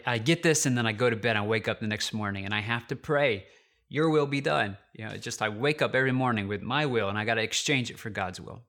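A man's voice: fairly low pitch, sharp tone. A male pastor preaching from his own experience. He speaks in an open, confessional way, often stopping and restarting his sentences as he thinks aloud. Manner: personal, confessional storytelling with many restarts. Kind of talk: sermon.

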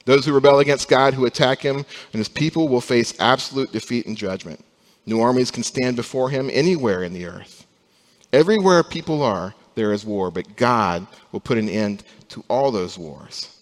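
A young adult man, a pastor, preaching a sermon, rising from quiet, slow passages to loud emphasis. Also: mid-range voice, expressive, long reverb tail.

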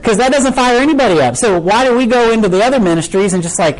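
A man's voice: very high voice, lively intonation, fast, poor audio. A man preaching a casual sermon, conversational and full of rhetorical questions. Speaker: pastor.

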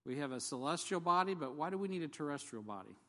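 A man's voice: a little high, expressive, fast talker, bright, forceful tone. A man preaching a sermon in a conversational, jokey way, asking the congregation questions and reading scripture aloud. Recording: long hall reverb.

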